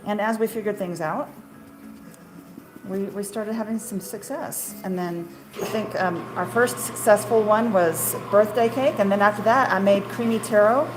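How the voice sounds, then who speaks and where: Chatty woman in a noisy workroom. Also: medium pitch. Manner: self-deprecating, rambling, with quick asides. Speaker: small-batch marshmallow maker and shop owner. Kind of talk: casual chatty storytelling while working. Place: candy kitchen while cutting marshmallows. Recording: steady ambient background noise.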